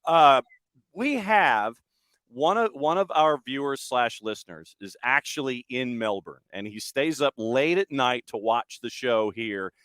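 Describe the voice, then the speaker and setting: A man's voice: mid-range voice, expressive, unhurried, fairly bright tone, clear, resonant tone, no echo. A middle-aged man hosting a sports talk show, asking long rambling questions with frequent restarts. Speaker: radio show host. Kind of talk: casual interview chat.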